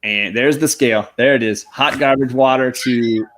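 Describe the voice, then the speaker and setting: A man's voice: mid-range voice, normal speed, fairly bright tone, a little hiss or hum. A man co-hosting a casual comic book live stream, upbeat and joking as he reads out names from the chat. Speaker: comic book show co-host.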